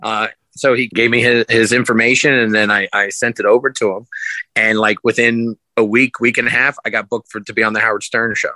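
A man's voice: fairly low pitch, brisk, no echo, rough recording. A man, a sideshow performer, telling rambling stories as a podcast guest and acting out what people said. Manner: rambling, animated, acts out quotes in raised voice. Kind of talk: casual storytelling.

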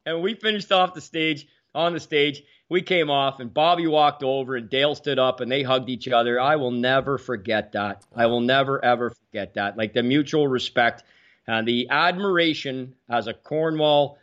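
Speaking at normal speed in a mid-pitched voice, this roughly sixty-year-old host spins lively hockey stories on a laid-back sports talk show, repeating words often. The audio is a little dull and lo-fi.

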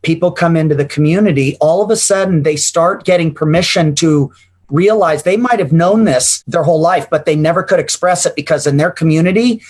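A man's voice: on the high side, a little fast, darkish tone. A man co-hosting a business podcast, talking in a motivational, emphatic way with the odd swear word. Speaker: podcast co-host. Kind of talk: casual business podcast talk.

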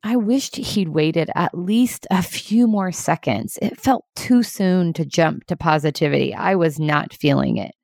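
A woman with a low voice gives a motivational talk to leaders, earnest and emphatic. The recording is dry and close, with no room sound. She talks at a brisk pace. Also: creaky, darkish tone, no room sound. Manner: earnest, fast-paced and emphatic.

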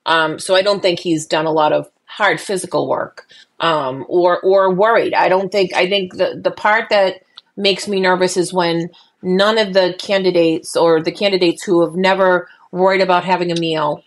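A woman's voice: on the low side, moderate pace. Chatty woman podcast co-host. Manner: chatty, lots of fillers and restarts, animated. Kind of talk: casual political chat.

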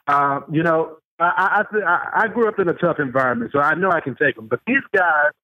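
A man calling in to a radio show as a correspondent, talking in an animated way that stumbles over repeated words. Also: on the high side, a little fast, no room sound. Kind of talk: phone-in interview. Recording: tinny phone line.

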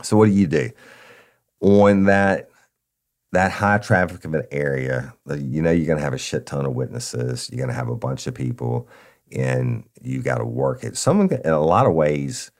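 A former police officer hosting a podcast, telling a crime story in a blunt, profane, emphatic way. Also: male voice, a bass voice, expressive, normal speed, gravelly. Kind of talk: casual true-crime storytelling.

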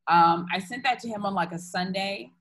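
A woman's voice: mid-range voice, normal speed, a bit bright, a little hiss or hum, poor audio. A young woman candidly retelling a personal story in casual chat, full of fillers and restarts.

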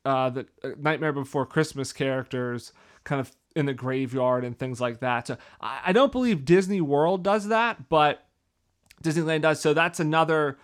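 A man's voice: a little high, a bit bright. A man from the northeastern United States, co-hosting a casual podcast and asking follow-up questions. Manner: conversational, asks follow-up questions. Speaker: podcast co-host. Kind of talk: casual chat.

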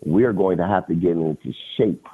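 A man in his fifties, a podcast guest, telling stories in a casual, animated way, often laughing and repeating phrases. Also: deep voice, a little fast, slightly rough. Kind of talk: casual storytelling. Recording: phone-like lo-fi audio.

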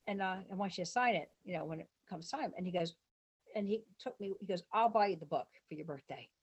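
A woman guest in an interview, telling long rambling stories and acting out what people said in lively voices. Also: lowish voice, fast, slightly rough. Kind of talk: casual storytelling interview.

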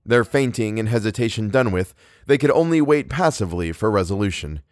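Man, audiobook narrator, low voice, measured reading, dry close sound. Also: animated, no room sound.

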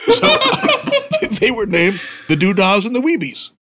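Man, podcast co-host, storyteller, slightly high voice, very lively pitch, swears freely. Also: a little slow, slight background noise. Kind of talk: casual chat, storytelling.

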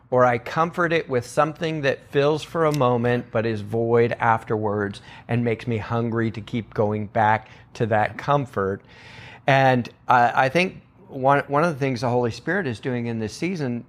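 An earnest male pastor speaks on a podcast in an easy, mid-pitched voice. He tells his stories with conviction and leaps into other people's voices to act out what they said. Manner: earnest storyteller who acts out quotes with big pitch jumps. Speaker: church pastor, guest. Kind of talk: podcast conversation.

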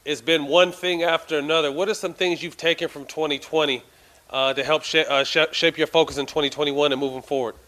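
A man hosts a casual sports chat. His voice sits slightly high for a man. He asks his questions haltingly, stumbling and repeating words as he goes. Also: steady tone, fairly bright tone. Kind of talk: casual interview.

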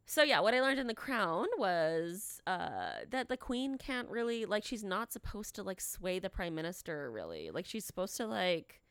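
A woman's voice: medium pitch, sing-song, normal speed, few pauses, a bit bright, smooth, dry recording, clean studio sound. A woman co-hosting a podcast, chatting casually and laughing often. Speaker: podcast co-host. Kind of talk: casual chat.

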